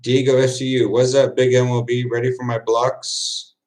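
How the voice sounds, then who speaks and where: A man's voice: mid-range voice, level tone, moderate pace, darkish tone. Laid-back chatty man, laughing often. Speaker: football player chatting with viewers on stream. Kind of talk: casual livestream chat, answering comments.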